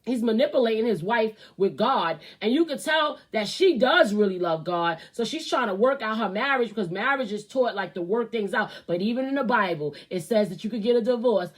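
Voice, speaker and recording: A woman's voice: a little high, expressive, a little fast, few pauses. A woman hosting her own show, giving blunt, profane and heated commentary on celebrity gossip. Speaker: host. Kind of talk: ranting commentary.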